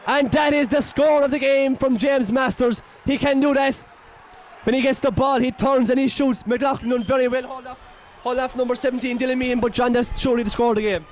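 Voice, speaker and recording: An Irish man giving excitable, partisan local commentary on a football match, exclaiming and scolding the players. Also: very high-pitched, fairly quick, a little hiss or hum.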